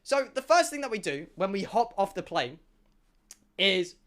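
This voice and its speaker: A man's voice: high voice, big pitch swings, normal speed, a bit bright. A man streaming, telling a comic story to his chat, swearing and exaggerating. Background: music.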